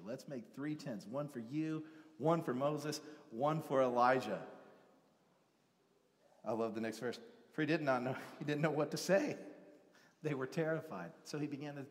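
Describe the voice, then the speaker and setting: A male pastor preaching a sermon, animated, acting out biblical voices and swinging from loud to hushed. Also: mid-range voice, normal speed. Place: church sanctuary. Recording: long church hall reverb.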